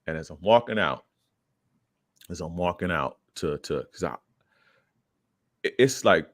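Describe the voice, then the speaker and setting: A man's voice: low-pitched, animated, unhurried, a bit bright, no echo, studio quality. A young man, a podcast guest, casually telling a profane street story and acting out the quoted lines in a raised voice.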